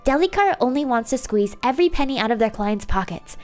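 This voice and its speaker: A woman's voice: fairly high pitch, animated, fast, a little mellow, faint music behind, pitched above the performer's own voice, lightly acted. A woman voicing an indignant young female shop owner, talking in a heated, accusing way.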